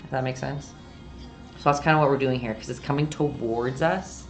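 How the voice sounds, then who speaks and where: A woman's voice: a bass voice, steady tone, normal speed, soft background music. A woman giving a casual, rambling live-stream painting lesson, chatty and self-deprecating, often giggling.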